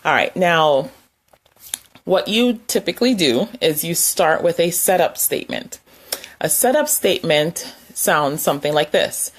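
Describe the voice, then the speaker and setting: A woman's voice: low-pitched, expressive, unhurried. A woman giving a casual, conversational lesson, demonstrating tapping points with her hands and chuckling now and then. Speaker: wellness instructor. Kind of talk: casual instructional talk.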